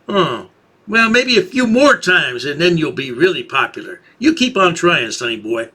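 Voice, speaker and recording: A man's voice: fairly high pitch, sing-song, normal speed, bright, forceful tone, slightly rough. A man hosting a commentary video, talking in a sarcastic, taunting way. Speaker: commentary channel host.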